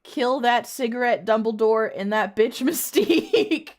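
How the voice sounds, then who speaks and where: A woman voicing a bossy young hero who urges the others on in a loud voice as she reads a story aloud. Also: a little high, expressive, unhurried. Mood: urgent.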